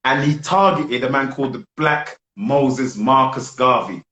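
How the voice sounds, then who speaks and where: A man hosting a live film review chat, speaking in a preachy, animated way. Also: medium pitch, a little slow, reverberant, poor audio. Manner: preachy and animated, leads call-and-response chants. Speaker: host.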